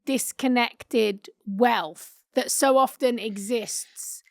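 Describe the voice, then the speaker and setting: Eager female podcast co-host, slightly high. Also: very slow, dry recording, studio quality. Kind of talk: casual podcast discussion.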